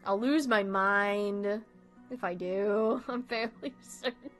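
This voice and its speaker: A woman's voice: medium pitch, takes it slowly, a bit bright, soft background music. Giggly young woman chatting rambly. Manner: rambling, giggly, swears freely. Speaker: streamer. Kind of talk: casual chat.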